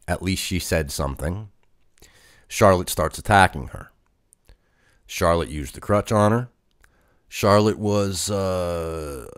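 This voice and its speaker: A man's voice: deep voice, fairly bright tone, no echo, clean studio sound. A man hosting a podcast, giving a casual solo review of a wrestling show in a loose, chatty way with plenty of fillers. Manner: conversational, with frequent fillers. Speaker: podcast host.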